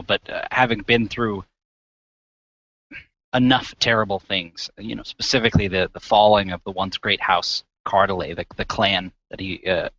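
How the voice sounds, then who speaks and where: A man narrating his character in a tabletop game, hesitant and pausing often. His voice is low but bright, and the recording is muffled. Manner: hesitant, filler-heavy. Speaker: player.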